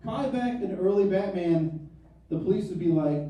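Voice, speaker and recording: A man's voice: sits high, expressive, normal speed, dark tone. Wry man in his thirties, echoey club. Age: 30s. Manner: wry, self-mocking storytelling. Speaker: stand-up comedian. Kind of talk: stand-up comedy set. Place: comedy club stage. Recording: echoey club, mic from far off.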